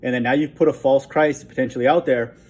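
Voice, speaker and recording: A man's voice: mid-range voice, fairly even intonation, fast, a little mellow. A man giving an informal Bible teaching, reading verses aloud and breaking in with frequent "okay?" asides and short chuckles. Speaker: online preacher.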